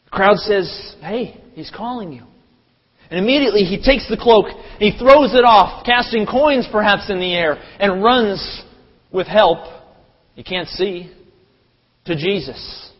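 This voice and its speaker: A man preaching in a church sanctuary with long reverb trailing his words. His voice sits fairly high, and he delivers the sermon animatedly, jumping into loud, high crowd voices. The audio is dull and lo-fi. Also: measured pace, slightly rough. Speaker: pastor.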